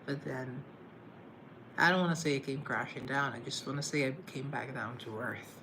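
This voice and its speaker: A man's voice: mid-range voice, moderate pace, background noise. A man chatting casually on a live stream, self-deprecating and playfully sarcastic.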